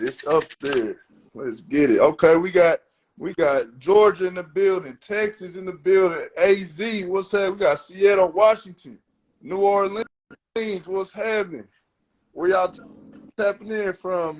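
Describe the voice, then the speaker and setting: A man's voice: sits high, a little hiss or hum. A man hosting a live podcast in a loose, slangy way, calling out viewers and friends. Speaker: podcast host. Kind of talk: casual live-stream chat.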